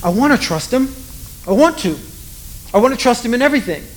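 A preacher delivering a relaxed, conversational sermon. They tell stories and poke fun at themselves in a mid-pitched voice. A faint hiss of noise sits under the voice. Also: a little fast, rough recording. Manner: conversational, self-deprecating, storytelling.

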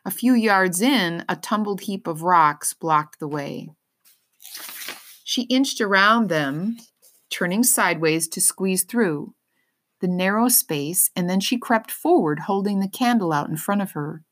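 A woman reading a children's novel aloud, pausing to explain words in plain terms. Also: medium pitch, animated, a bit bright. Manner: pauses to explain words simply. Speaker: reader. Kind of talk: storybook read-aloud for children.

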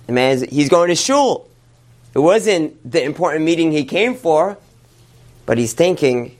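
Male rabbi, sermon storyteller, animated retelling. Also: fairly high pitch. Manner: animated retelling, quick asides.

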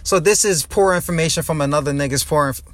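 A man's voice: on the high side, quick pace, fairly bright tone, dry recording. A young man from New Jersey, a comedian hosting his own podcast, ranting heatedly and with lots of profanity from his car. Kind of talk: angry ranting podcast monologue.

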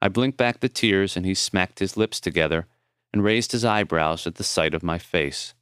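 With tender, measured delivery, a man reads his own memoir aloud for an audiobook. The low, resonant, smooth voice carries a slight brightness, and the close recording is dry, with no echo or room sound.

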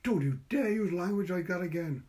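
A man's voice: high-pitched, lively intonation, brisk, dark tone, pitched above the performer's own voice. A man reading a story, voicing a stern young woman who scolds a boy, in a Welsh accent. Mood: scolding. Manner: scolding, prim.

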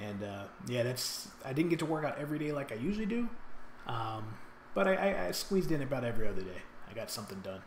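A man's voice: medium pitch, sing-song, fast talker. A man co-hosting a fitness podcast, laid-back and dry-humored, often laughing. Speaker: podcast co-host. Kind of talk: casual podcast chat. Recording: echoey room with faint noise.

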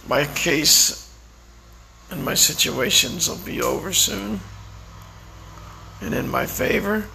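Worn-out man, raspy and creaky, pitched a little high, speaking a quiet, reflective personal monologue. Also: slight background noise, poor audio. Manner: slow, reflective, prayerful. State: tired and weak. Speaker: vlogger.

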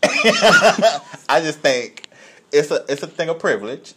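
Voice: medium pitch, slow pace, heavy background noise. A co-host in a casual chat, telling stories and acting out the people in them. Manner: lively storyteller who acts out the people in the story. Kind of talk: casual chat, animated storytelling.

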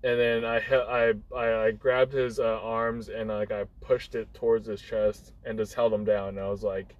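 Speaking at a normal speed in a lowish, level voice, this young guest storyteller tells a rambling personal story in casual conversation. He fills it with fillers and restarts and acts out quotes. The recording has its highs cut off.

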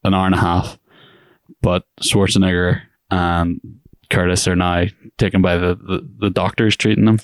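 A podcast co-host with a deep voice and flat delivery chats casually about a film at normal speed, recorded with clean studio sound and no room echo. He rambles, laughs often and acts out lines from the movie.

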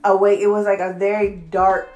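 A young woman co-hosting a casual faith chat, lively and playful with slangy speech. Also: medium pitch, a little fast. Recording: roomy echo with soft music behind.

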